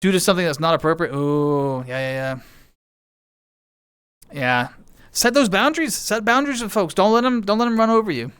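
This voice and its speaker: A man's voice: high-pitched, brisk, long pauses, fairly bright tone, smooth. A man streaming from home, chatting casually with viewers in a playful, chatty way. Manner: chatty, bouncy intonation, playful. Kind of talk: casual chat reading viewer messages.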